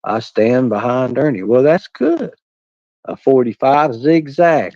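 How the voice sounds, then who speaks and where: A man's voice: mid-range voice, lively intonation, slow, dark tone, no room sound. A man hosting a casual livestream, reading the chat aloud and trading crude jokes with his viewers. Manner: rambling, crude joking banter with viewers. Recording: dull, dry, lo-fi sound.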